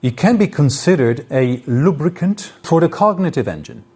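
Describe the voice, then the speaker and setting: A man's voice: on the high side, lively intonation, normal speed, a little mellow, breathy edge. A man lecturing to an audience in a hall, explaining his points with spoken examples and shifts in intonation. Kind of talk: live lecture.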